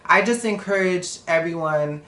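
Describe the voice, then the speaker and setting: A woman's voice: lowish voice, moderate pace, a bit bright, echoey room. A woman telling a story on a live stream in a blunt, profane, casual way. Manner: blunt and profane, retelling a confrontation.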